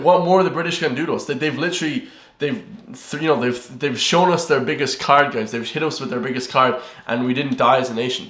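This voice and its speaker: Fast-talking Irish man ranting. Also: medium pitch, a bit bright, echoey room. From Ireland. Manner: heated, ranting, many fillers and repeated words. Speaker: reaction video host. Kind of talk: casual ranting commentary.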